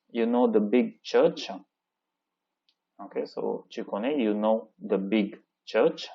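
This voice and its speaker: A man teaching a French lesson, reading textbook lines slowly and translating each one with many "okay, so" fillers. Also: on the low side, gravelly, darkish tone, breathy edge, dull audio. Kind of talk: classroom lesson explaining a textbook dialogue.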